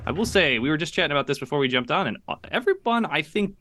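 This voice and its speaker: A man's voice: fairly high pitch, big pitch swings, quick pace, fairly bright tone, no echo. A man co-hosting a comedy podcast, upbeat and chatty as he leads the conversation. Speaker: podcast co-host. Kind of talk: casual improv podcast chat.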